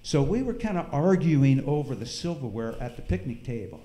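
A middle-aged man telling a folksy, animated story with sound effects during a church service. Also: medium pitch, normal speed, reverberant. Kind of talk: storytelling in a sermon. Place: church hall.

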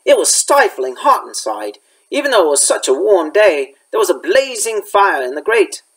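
A man's voice: high voice, big pitch swings, moderate pace, fairly bright tone, rough recording. A male elementary school teacher reading a chapter book aloud, with occasional slips he corrects.

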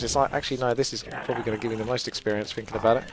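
A young man giving casual, joking gameplay commentary, chatty and quick to laugh. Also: mid-range voice, slight background noise. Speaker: gaming commentator.

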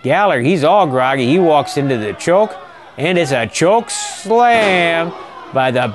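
A middle-aged man giving folksy, excitable play-by-play commentary on a wrestling match. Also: fairly high pitch, measured pace, background noise.

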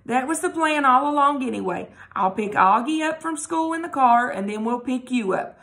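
A woman's voice: sits high, lively intonation, normal speed, gravelly, a bit bright, heavily acted. A woman reading aloud, voicing a worried, apologetic mother who fusses over her kids. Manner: anxious, fussing.

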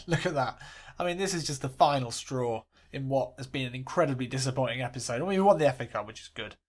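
A man hosting a let's play, calling a football game like a commentator, swinging between excitement and glumness. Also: mid-range voice, fast.

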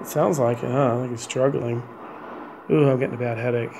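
A man investigating the paranormal, gently coaxing and questioning unseen spirits inside a hotel room. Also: mid-range voice, fairly even intonation, a little fast, noisy background. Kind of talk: ghost box session, questioning spirits.

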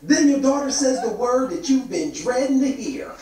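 A man's voice: extremely high pitch, normal speed. A man performs stand-up in a comedy club, his voice leaping up and down as he tells his stories. The room rings with echo, and a crowd murmurs and laughs behind him. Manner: animated storytelling, loud punchlines. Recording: echoey club with crowd noise. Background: audience laughter.

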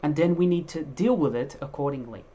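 A man preaching with real fire, his voice swelling loud on key points and then sinking low. He stumbles and restarts as he works through scripture, and the sermon feels spontaneous rather than read. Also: fairly quick, slightly rough, muffled recording. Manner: emphatic, animated preaching with restarts.

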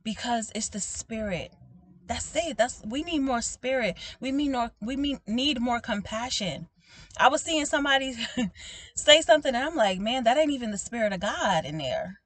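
A woman preaching informally to her online viewers, animated and emphatic, often asking "okay?" and calling them "baby", with frequent laughs. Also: on the high side, moderate pace. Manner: laughs often, swinging between loud exclaiming and soft talk. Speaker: prophetic minister speaking to online viewers.

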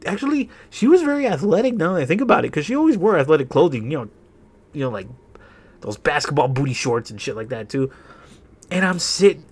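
Young male gamer, slightly high voice, rambly and profane, casual storytelling. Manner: rambling, profane, laughing between sentences. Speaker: gaming channel host. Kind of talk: casual storytelling over gameplay.

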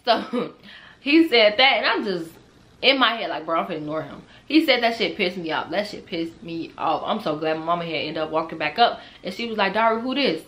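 Bright-voiced young woman telling a storytime. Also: on the low side, normal speed. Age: young adult. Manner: animated, laughing, swearing freely; talks straight to viewers. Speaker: storytime vlogger. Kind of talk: casual storytime.

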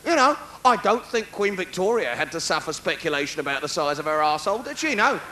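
A man, doing a live stand-up routine, ranting fast and shouting his punchlines. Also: fairly high pitch, a little hiss or hum. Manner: rapid, ranting, animated delivery with shouted punchlines. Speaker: stand-up comedian. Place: large concert hall with live audience. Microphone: stage microphone. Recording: roomy live hall recording with faint crowd.

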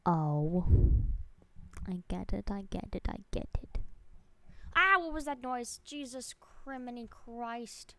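Woman, game streamer, excitable, self-mocking, higher voice, dry close sound. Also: slow, no room sound. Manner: excitable, exclaiming, laughing at herself; chats to viewers while playing. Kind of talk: live game stream chat.

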